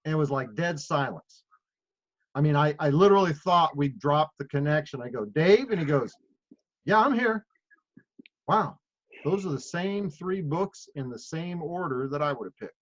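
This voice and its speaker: A man's voice: on the high side, lively intonation, normal speed. Man rambling on a muffled call. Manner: rambling storyteller with many fillers. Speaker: leader of a sales group call. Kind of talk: casual talk on a group call. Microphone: phone or video call.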